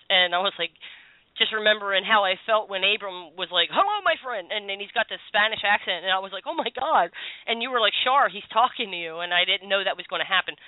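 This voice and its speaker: A woman's voice: mid-range voice, no echo. A woman hosting a call-in radio show as a psychic, chatty and reassuring. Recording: tinny phone-line radio sound.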